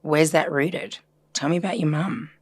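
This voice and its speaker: A woman's voice: low-pitched, fairly even intonation, normal speed, breathy edge, no echo. A woman therapist talking earnestly and reflectively in a casual podcast conversation, chatty with filler words. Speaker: systemic therapist guest.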